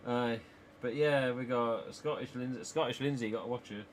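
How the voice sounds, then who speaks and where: A man's voice: medium pitch, a little fast, slight background noise. Chatty English East Midlands streamer man. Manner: chatty, rambling, laughs often. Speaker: live streamer. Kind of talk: casual chat with viewers. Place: small home office.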